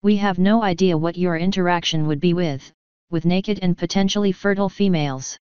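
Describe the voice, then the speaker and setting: An earnest, steady stallion father, read by a woman in a low, very smooth voice. He speaks firmly and stands his ground. The recording is dry and slightly dull. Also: brisk, no echo, lightly acted. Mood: defiant. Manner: firm, earnest, defiant.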